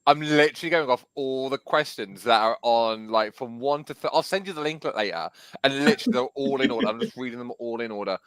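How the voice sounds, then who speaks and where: A man's voice: mid-range voice, animated, a little fast, a bit bright, smooth. A man with a Geordie accent, reading quiz questions on a podcast, teasing and laughing often. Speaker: quizmaster on a podcast. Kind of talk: casual quiz banter.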